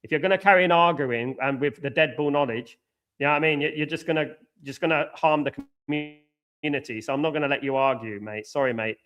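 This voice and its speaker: A man's voice: a little high, brisk, a bit bright. An English man hosting a live football watchalong, reading out viewer comments and giving blunt, opinionated takes, often repeating himself. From England.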